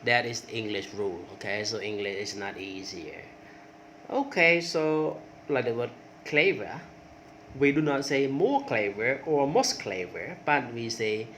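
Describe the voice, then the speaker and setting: A lively, a bit bright mid-range voice belongs to a man teaching English grammar, whose first language is Khmer. He drills word forms aloud a little slowly, lifting his pitch on examples and dropping in many "okay" checks. There's slight background noise.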